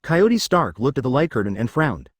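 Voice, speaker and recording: A man narrating a fan-made story in scripted narration, with a steady reading manner. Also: mid-range voice, normal speed, husky, dry recording, studio quality.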